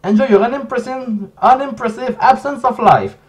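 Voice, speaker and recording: A non-native English-speaking man voicing a sneering male narrator who insults the reader in a loud, mocking, exaggerated way. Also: sits high, sing-song, takes it slowly, distant mic, full character voice. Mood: exasperated. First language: not English.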